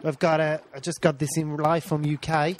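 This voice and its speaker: A man's voice: a little high, flat delivery, normal speed, slight background noise. A man co-hosting a comedy show, joking along and interjecting mate over and over. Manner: jokey, keeps interjecting mate. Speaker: comedy podcast co-host. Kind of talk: mock Australian banter.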